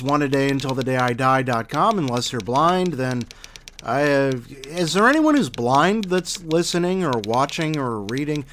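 A man's voice: a little high, big pitch swings, normal speed, a bit bright, a little hiss or hum. A man hosting a short story show, talking casually and rambling off track. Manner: rambling and self-interrupting. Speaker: host. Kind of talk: casual podcast chat.

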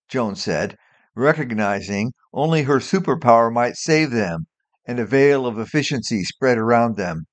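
A man, the show's host and writer, reading his own short story aloud in a friendly, steady way. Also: mid-range voice, unhurried.

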